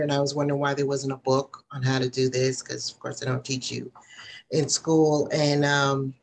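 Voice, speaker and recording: A middle-aged woman therapist in private practice, rambling a little as she shares her story in a group Q&A. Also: low voice. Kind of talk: casual group Q&A.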